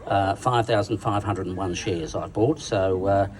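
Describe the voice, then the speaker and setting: A man's voice: deep voice, measured pace. An Australian man giving a bawdy, crude, self-mocking roast speech on stage at a dinner, with the crowd laughing along. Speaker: roast speaker. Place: large function room at a dinner event. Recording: distant sound with a loud crowd.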